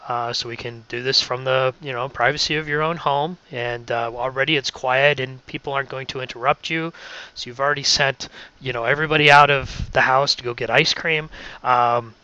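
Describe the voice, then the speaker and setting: A man's voice: mid-range voice, steady tone, brisk, bright, forceful tone, clear, resonant tone, highs cut off. A man leading a casual training talk for radio volunteers, friendly and often checking in with "okay?".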